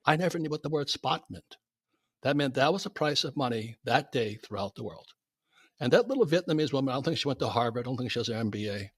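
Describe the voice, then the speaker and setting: Older man, guest, animated storyteller, dry close sound, self-amused. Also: medium pitch, fast talker, husky, no room sound. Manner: lively anecdote teller, laughs at his own stories.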